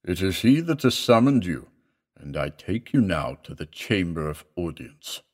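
A man voicing a gigantic male Martian guide who speaks in a slow, booming, cryptic and portentous way. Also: big pitch swings, a little mellow, exaggerated voice.

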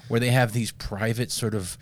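A man's voice: fairly low pitch, steady tone, moderate pace, a little hiss or hum. A middle-aged man in casual chat, rambling and profane, laughing at his own jokes.

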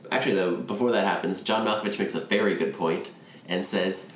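Man recapping a movie, low voice. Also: a little fast, slight background noise. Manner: animated retelling, acts out quotes in a raised voice. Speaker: film podcast co-host. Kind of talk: casual movie recap chat. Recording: echoey room, faint ambience.

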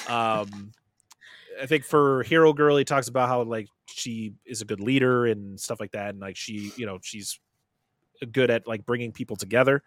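A man's voice: medium pitch, moderate pace, no room sound. A young adult man hosting a podcast, retelling a film in a casual, jokey way, swearing often and laughing. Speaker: podcast host. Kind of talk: casual movie recap chat.

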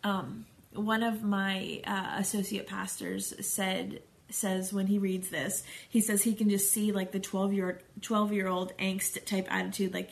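A woman's voice: mid-range voice, level tone, a little slow, gravelly. A middle-aged woman reading scripture aloud and stopping for chatty, conversational commentary as a Bible study teacher.

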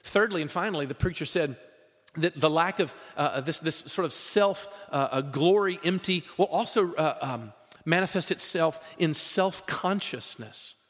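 A man preaching a sermon in a lively, conversational way, with frequent rhetorical questions to the congregation. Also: on the high side, normal speed, in a large hall. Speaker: pastor.

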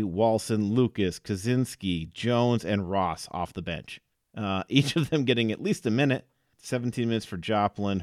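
A man's voice: fairly low pitch, no echo, clean studio sound. A man co-hosting a casual sports podcast, reeling off game stats with fillers and small laughs.

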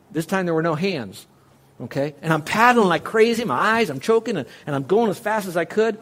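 A man delivers a sermon in a fairly high voice. He is earnest and direct, turning to his listeners with question after question. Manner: earnest, speaks straight to listeners with rhetorical questions. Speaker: pastor.

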